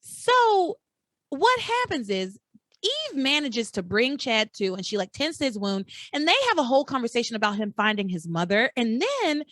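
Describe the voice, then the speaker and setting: A higher-pitched woman who talks with lively swings in her voice, chatting casually as a podcast host. She retells events with incredulous, mock-outraged energy. The sound is dry and close to the mic. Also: moderate pace, no echo. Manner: animated, incredulous storytelling with exaggerated outrage. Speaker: podcast host recapping a soap opera. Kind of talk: casual chat.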